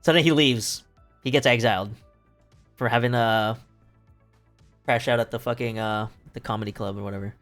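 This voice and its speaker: A young man tells a story the way he'd tell a friend, loose and rambling, full of swearing and fillers. He speaks at an everyday pitch into a streaming mic at home. Soft music plays faintly underneath. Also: fairly even intonation, normal speed, pauses often. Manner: rambling, swearing, laughing asides, many fillers. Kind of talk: casual profane story retelling.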